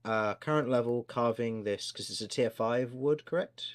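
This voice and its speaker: A man's voice: medium pitch, normal speed. A man running a tabletop game as game master, explaining the rules in an explanatory way with hesitant fillers.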